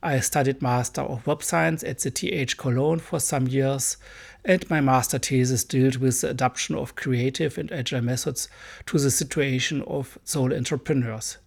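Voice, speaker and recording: A man's voice: medium pitch, steady tone, normal speed, vocal fry, breathy edge. A man with a German accent hosting his own solo podcast, speaking in earnest, careful English that is not his first language. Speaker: podcast host.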